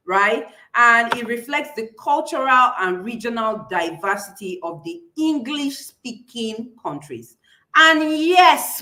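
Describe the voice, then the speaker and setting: A woman's voice: on the high side, sharp tone. A woman with a Nigerian accent teaching a live online public speaking class, encouraging listeners and repeating key points.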